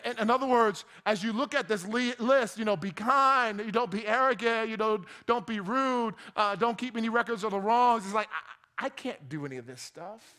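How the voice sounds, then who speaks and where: Chatty high-voiced man preaching. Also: normal speed, sharp tone. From New Jersey. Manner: conversational and joking, with repeated restarts. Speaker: pastor. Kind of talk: sermon.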